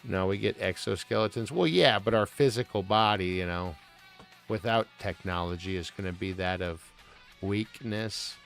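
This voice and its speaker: A man's voice: lowish voice, moderate pace, gravelly, a bit bright. A man streaming live, chatting casually in a rambling, profane, joking way over faint music.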